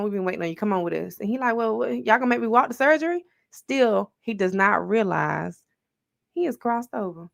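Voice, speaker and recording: An American woman hosting a livestream, telling a story in a chatty, animated way and talking straight to her viewers. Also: fairly low pitch, vocal fry. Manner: chatty and animated, calling listeners "baby" and "friends". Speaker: livestream host. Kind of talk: casual storytelling to a live audience.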